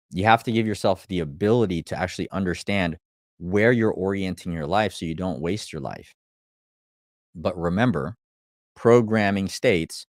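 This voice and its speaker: Deep-voiced man giving blunt profane pep talk. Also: dry recording, studio quality. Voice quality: blunt, profane, repeats phrases for emphasis. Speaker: life coach. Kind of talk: motivational talk to viewers. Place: live stream.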